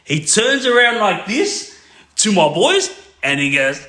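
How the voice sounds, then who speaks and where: A man tells a street story in a loose, rambling way, checking in with the listener every few lines. His voice sits a little high and sounds bright and forceful. The room around him is echoey. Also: very animated, a little slow. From Australia. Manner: rambling, checks in with a constant "yeah?". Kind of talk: casual crime storytelling.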